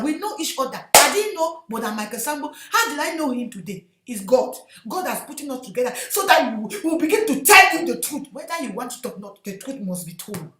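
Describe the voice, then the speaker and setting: A woman evangelist preaching an impassioned sermon in English, which is not her first language, often breaking into shouts and addressing listeners as her sister. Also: high voice, reverberant, background noise. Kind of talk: fervent sermon.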